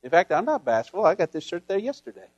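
A man preaching a sermon in an earnest way, often repeating words as he searches for them, and moving between raised lines and hushed ones. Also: high-pitched, very animated, quick pace, no room sound, lo-fi sound.

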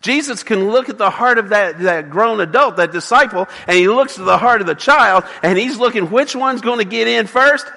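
A man's voice: high voice, gravelly, sharp tone, big-room sound. A man preaching a sermon as a pastor, emphatic, with frequent restarts and acted quotes.

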